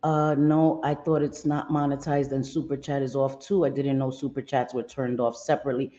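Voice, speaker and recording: A woman's voice: rumbling low, flat delivery, brisk, mellow, lo-fi sound. A woman hosting a casual livestream, greeting viewers by name and chatting loosely, laughing easily. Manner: chatty, reads chat names aloud, laughs easily. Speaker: livestream host.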